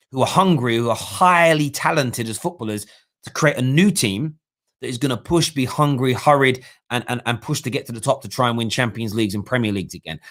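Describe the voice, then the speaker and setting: A man's voice: mid-range voice, fairly bright tone. A man hosting a live-streamed football fan talk show, giving opinionated analysis and thinking aloud with restarts.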